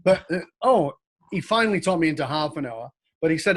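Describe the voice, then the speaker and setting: A man in his fifties, an interview guest, telling a story with lively laughter. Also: on the high side, a little fast.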